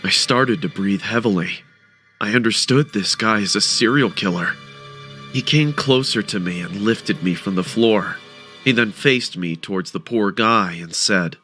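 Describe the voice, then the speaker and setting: A man narrating a first-person horror story with a dramatic, expressive delivery. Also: lowish voice, a little slow, soft background music.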